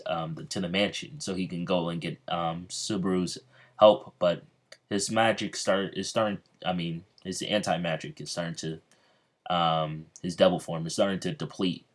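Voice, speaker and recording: A man casually narrating a fan-fiction story as a video creator, halting with fillers and restarts. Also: deep voice.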